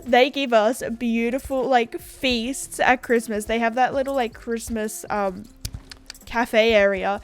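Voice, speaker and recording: A woman's voice: on the high side, fairly even intonation, measured pace. A woman with an Australian accent, chatting casually as a gaming YouTuber, rambling and filling her talk with "like" and "you know". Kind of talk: casual chat.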